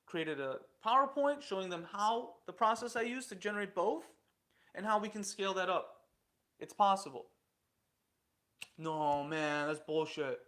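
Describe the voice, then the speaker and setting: A young man tells his story in a loose, casual way, with a high voice and a bright edge. He is blunt and exasperated, and he swears freely as he talks. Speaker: indoor farming founder telling his story.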